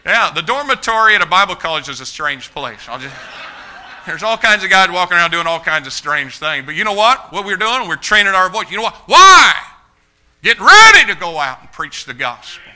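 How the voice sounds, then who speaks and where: A man's voice: high-pitched, sing-song, brisk, low-quality recording. Fiery preacher man in his fifties. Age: 50s. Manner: fiery, repetitive emphatic preaching with rising shouts. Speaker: pastor. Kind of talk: sermon. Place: church sanctuary.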